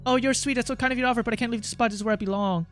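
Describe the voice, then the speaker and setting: A man reading out the lines of a polite, soft-spoken female vending machine from a video game. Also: very high voice, steady tone, rapid-fire, faint music behind. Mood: kind.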